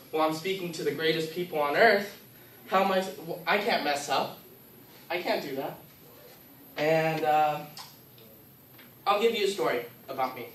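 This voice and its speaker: A young man tells a personal story in a class speech, animated and acting out the things he said. His voice sits a bit high. He is recorded by a distant camera in a classroom that rings with echo. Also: a little hiss or hum. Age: young adult. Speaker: student speaker. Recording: echoey room from far off.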